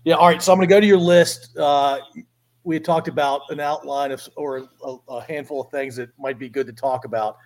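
A man's voice: fairly high pitch, steady tone, fairly quick. A man hosting a podcast interview, speaking in a friendly, encouraging way. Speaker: podcast host. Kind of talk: casual interview chat.

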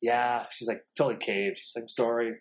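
Fast-talking profane man telling stories. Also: medium pitch. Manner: fast, profane, animated storytelling. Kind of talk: casual storytelling chat.

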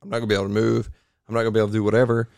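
Gravelly low-voiced man telling a story. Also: very fast, no echo, studio quality. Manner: rambling, animated storytelling with restarts. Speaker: podcast guest, triathlete. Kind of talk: casual storytelling interview. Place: home garage.

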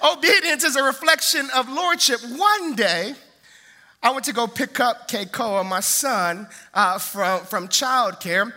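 A young man preaches with a high, ringing voice and a sharp, forceful edge. He tells family stories with animated energy and acts out the voices of the people in them, then turns to his message. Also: a little slow. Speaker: pastor. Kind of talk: sermon with personal stories.

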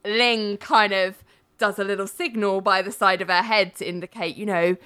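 A woman talks through a television episode in a loose, chatty way, slipping into the characters' voices to act out their lines. Her voice is bright and forward. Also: medium pitch, moderate pace, clear, resonant tone. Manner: animated retelling with mimicked character voices. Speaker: podcast co-host recapping a TV episode. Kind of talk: casual chat.

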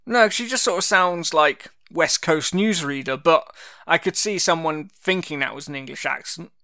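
A man's voice: a little high, normal speed, sharp tone. A man co-hosting a casual podcast, playful and jokey, interjecting with questions. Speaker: podcast co-host. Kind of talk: casual chat.

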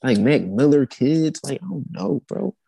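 A young man in casual chat, speaking in relaxed slang, stalling with fillers as he thinks. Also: a little high, unhurried, gravelly, breathy edge, no echo, poor audio.

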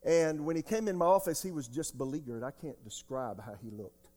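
A man in his sixties preaching a sermon as pastor, emphatic, jumping between loud outbursts and quiet asides. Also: a little high, expressive, a little fast. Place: church sanctuary. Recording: long hall reverb.

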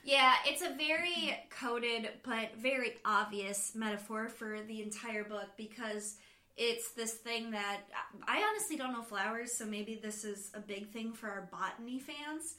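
Chatty woman co-host, bright and a touch high, animated retellings, echoey room sound. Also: measured pace. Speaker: podcast co-host. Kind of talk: casual book discussion.

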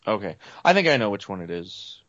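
A man co-hosting a casual podcast, relaxed and matter-of-fact, who also streams games. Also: lowish voice, brisk, no room sound, highs cut off.

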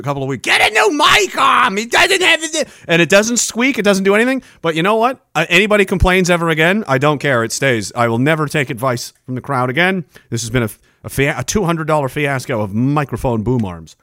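Brief: middle-aged man, livestream host, lively up-and-down delivery, dry close mic. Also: fairly high pitch, fast talker, few pauses, dry recording. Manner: rambling, joking, reads chat aloud. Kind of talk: casual livestream chat. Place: home studio. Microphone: boom-arm studio mic.

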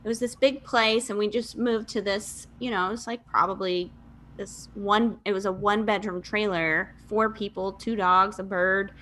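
A woman's voice: mid-range voice, fairly even intonation, moderate pace, bright, forceful tone. A woman in her thirties from Michigan, a podcast guest telling her life story candidly in casual, chatty talk with fillers and laughs. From Michigan, USA.

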